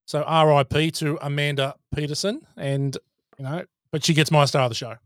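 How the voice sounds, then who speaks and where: A man's voice: fairly high pitch, fairly even intonation, moderate pace, dry recording, studio quality. A man hosting a casual movie podcast, enthusiastic and steering the segments. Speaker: podcast host.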